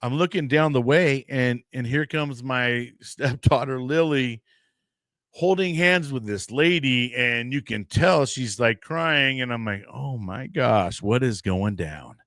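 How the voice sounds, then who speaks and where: A man's voice: mid-range voice, measured pace, dry recording, clean studio sound. A young American man, a podcast host, rambling through a casual story and acting out what other people said. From United States. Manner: rambling, animated storyteller acting out quoted voices.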